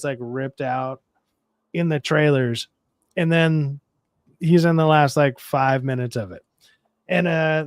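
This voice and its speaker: A man with a low, raspy voice in a casual podcast chat, rambling and swearing through a movie review. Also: no echo, studio quality. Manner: profane, rambling, wry.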